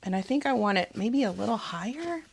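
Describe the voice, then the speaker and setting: A Southern woman in her thirties talks through a sewing project at home, chatty and easygoing. She rambles off on tangents and laughs often, with a voice pitched in the middle range. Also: expressive, fairly quick, creaky, husky. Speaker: sewing channel host. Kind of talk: casual sew-along tutorial.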